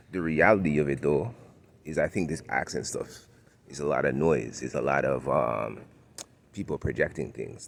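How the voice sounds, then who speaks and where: A man's voice: extremely low pitch, slight background noise. A man with a Toronto accent, talking in a laid-back, chuckling way as he vlogs on a city walk, often tagging his sentences with "right?". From Canada. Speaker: vlogger. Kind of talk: casual walking vlog monologue. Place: outdoors, walking in the city.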